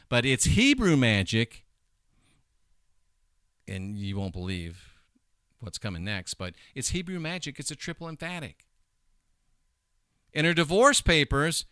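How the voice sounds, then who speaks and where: A middle-aged man hosting a casual commentary show, talking in an animated, emphatic way and wandering off into side points. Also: mid-range voice, smooth, dry recording, studio quality. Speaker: host.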